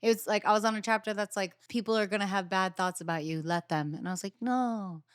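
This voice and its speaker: A woman's voice: mid-range voice, fast, clear, resonant tone, no room sound, studio quality. A young adult woman hosting a podcast in casual chat, telling stories with acted-out quotes and casual swearing. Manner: animated storyteller, acts out quotes, swears casually. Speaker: podcast host.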